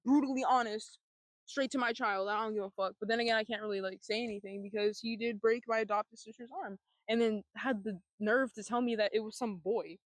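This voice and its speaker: A woman's voice: fairly high pitch, steady tone, fairly quick, no room sound. A young woman vlogging, telling her own life story in a candid, blunt way, with free swearing and sarcastic asides.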